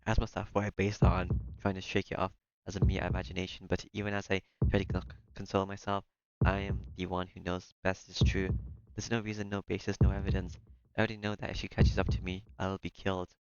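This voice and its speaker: A man's voice: low-pitched, completely flat delivery, fast, a little mellow, clean tone, lo-fi sound. A man reading a visual novel aloud in the first person, breaking off now and then for joking asides. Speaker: let's-play streamer.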